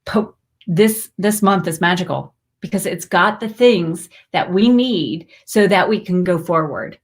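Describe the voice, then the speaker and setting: A woman in her forties hosts a spiritual livestream, talking in a heartfelt, rambling way. She breaks into bursts of excited greetings now and then. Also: lowish voice, measured pace. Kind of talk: emotional live stream chat.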